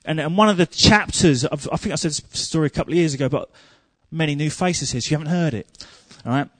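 A man preaching a sermon, telling humorous stories and growing loud and emphatic. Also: fairly high pitch, quick pace, dry recording.

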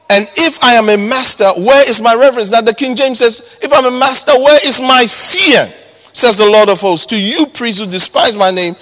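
A man preaching a sermon, emphatic, repeating key words and swinging between loud and hushed. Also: high-pitched. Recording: long hall reverb.

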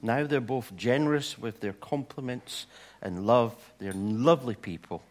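A man preaching a sermon with a story, animated and swinging from loud to hushed. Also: mid-range voice, unhurried.

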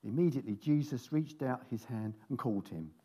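A man's voice: medium pitch, animated, a little fast, mellow, breathy edge. A man preaching, reading scripture aloud with jokey asides between the verses. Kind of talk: sermon with Bible reading.

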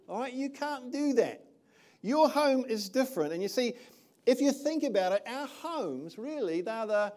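A man's voice: high-pitched, darkish tone. An older man from New Zealand preaching a sermon in a conversational way, often checking in with the listeners. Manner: conversational, checks in with "all right?". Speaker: pastor.

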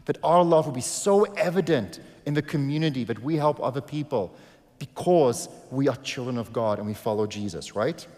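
A man preaching a sermon as a pastor, telling a story and rising into loud, emphatic bursts. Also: medium pitch, normal speed. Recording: long hall reverb.

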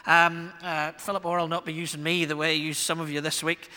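A man's voice: on the high side, flat delivery, a little fast, sharp tone, clean tone. A man with a Northern Irish accent preaching a sermon as the church's pastor, wry and self-deprecating, with shifting emphasis. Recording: long reverb of a church hall.

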